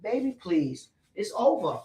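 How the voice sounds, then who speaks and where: A woman's voice: medium pitch, big pitch swings, unhurried, mellow. A woman giving a casual, ranting commentary, blunt and profane, hammering her points home by repeating them. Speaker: spiritual messenger and celebrity commentator. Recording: roomy echo, distant from the mic.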